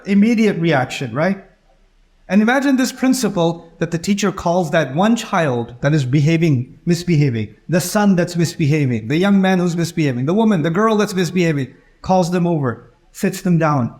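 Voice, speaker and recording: A middle-aged man giving an Islamic lecture, telling stories and acting out the voices of the people in them. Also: high voice. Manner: storytelling, acts out quoted voices. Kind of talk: religious lecture.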